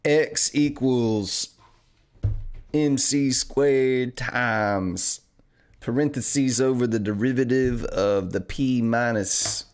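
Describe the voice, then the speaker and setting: A man putting on a slow Southern drawl, playing a male calculus professor who lectures nonsense formulas. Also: mid-range voice, clean tone, voice pushed up. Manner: slow, drawn-out mock lecturing.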